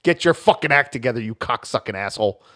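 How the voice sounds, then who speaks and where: A man's voice: mid-range voice, fast talker. A man telling prank-call stories on a podcast, swearing constantly and mocking himself. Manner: profane, animated, self-mocking. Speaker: podcast co-host. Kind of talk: casual chat, storytelling.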